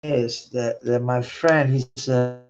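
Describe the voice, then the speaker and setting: A man's voice: medium pitch, steady tone, slow pace, a little mellow. A man rambling through a profane personal monologue, swearing often and laughing between thoughts. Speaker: vlogger. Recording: dull lo-fi recording.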